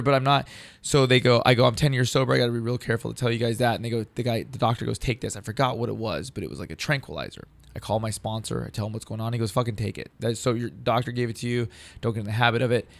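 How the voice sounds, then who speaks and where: A man in his thirties, a comedian, telling a story in casual talk, profane and animated, acting out what others said. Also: medium pitch, creaky, no echo. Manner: animated, profane, acts out quoted dialogue. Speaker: comedian guest.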